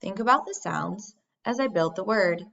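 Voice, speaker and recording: A woman teacher giving a recorded phonics lesson, speaking slowly and deliberately as she models sounds for young children. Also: mid-range voice, lively intonation, creaky, fairly bright tone. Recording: dull lo-fi sound.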